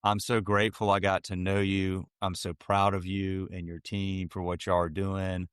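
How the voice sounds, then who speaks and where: A man's voice: low-pitched, level tone, normal speed, clean tone, no room sound, studio quality. A man hosting a podcast, talking in a folksy way with plenty of ums. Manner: warm, folksy, lots of filler ums. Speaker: podcast host. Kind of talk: casual podcast interview.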